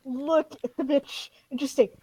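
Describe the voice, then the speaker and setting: A woman's voice: high-pitched, steady tone, normal speed, a little mellow, a little hiss or hum, low-quality recording. A woman playing in a tabletop game, chatting playfully. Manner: playful, giggly chat. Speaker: player. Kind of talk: casual tabletop play.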